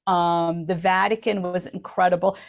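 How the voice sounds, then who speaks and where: A woman's voice: on the low side, little pitch movement, moderate pace, highs cut off. A woman co-hosting a radio talk show, telling a story in an enthusiastic, chatty way full of ums. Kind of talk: casual chat. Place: radio studio.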